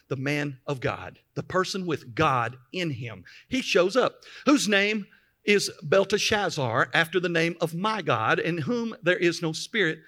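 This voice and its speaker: A man's voice: a little high, a bit bright. A man preaching a sermon, reading scripture aloud and stopping to explain it with emphatic asides. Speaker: pastor.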